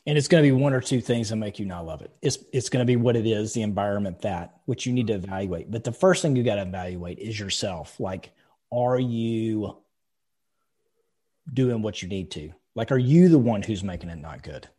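Brief: male podcast co-host, low husky voice, profane and blunt, relaxed storyteller. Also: a little fast. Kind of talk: casual podcast chat.

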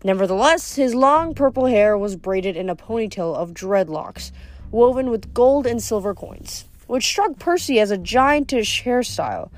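A woman narrating a novel aloud in a lively storytelling manner with occasional small slips. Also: on the high side, moderate pace. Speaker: audiobook narrator.

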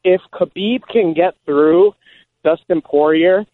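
A man's voice: on the high side, slow pace. A man calling a radio show, hesitant and full of fillers, eager to praise the host. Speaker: caller. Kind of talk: phone call to a radio show. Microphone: phone call. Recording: tinny phone line.

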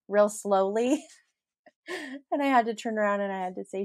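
A woman's voice: medium pitch, steady tone, fairly quick, a little mellow, no echo, clean studio sound. A middle-aged woman hosting a solo podcast, chatty and giggly as she tells stories and laughs through them. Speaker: podcast host. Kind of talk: casual solo podcast storytelling.

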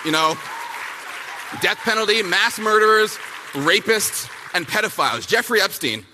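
A man giving a punchy, fiery speech at a youth summit. He repeats lines for effect and mocks people with quick impressions. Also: high-pitched, lively intonation, background noise. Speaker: speaker at a youth political summit. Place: large hall at a summit, with an audience. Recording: big hall with long reverb and a faint crowd.

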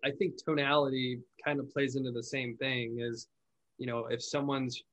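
A man who owns a call center, hosting a podcast and explaining phone sales in a relaxed, chatty way, often restarting his words. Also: medium pitch, moderate pace, rough recording. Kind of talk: casual conversational podcast chat.

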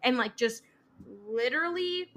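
Bright, animated young woman telling a story. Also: high voice, measured pace. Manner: animated, swears freely, acts out quotes. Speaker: podcast co-host. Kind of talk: casual storytelling chat.

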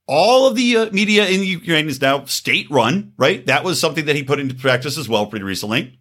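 A man's voice: a little high, expressive, fairly quick, a bit bright. A male podcast host with a scratchy throat, ranting in angry, profane, sarcastic political commentary.

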